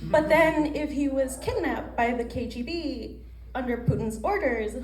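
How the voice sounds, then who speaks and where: A young woman with a high voice tells a self-mocking stand-up story, switching into little voices for her own thoughts. The sound is echoey, with faint ambient noise behind her. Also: unhurried, darkish tone. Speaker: stand-up comedian. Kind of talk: stand-up comedy set.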